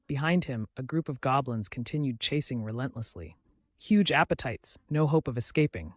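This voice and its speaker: A man's voice: medium pitch, lively intonation, moderate pace, dry recording, clean studio sound. A man narrating a comic story recap in a scripted storytelling style.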